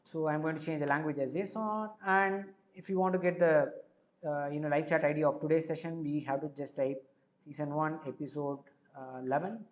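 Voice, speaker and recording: Hosting a live coding session, a man with an Indian accent describes every step in a slightly high voice. Frequent filler words fill his pauses.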